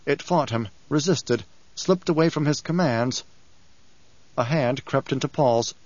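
A man narrating an audiobook in a measured, solemn storytelling manner. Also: medium pitch, a little mellow, no room sound. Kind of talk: scripted narration. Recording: dull lo-fi audiobook recording.

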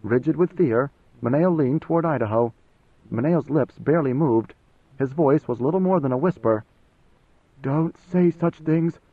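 A man reading a novel as audiobook narrator, in measured, even storytelling. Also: mid-range voice, no room sound. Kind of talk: scripted narration. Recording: tinny phone-like band, dry.

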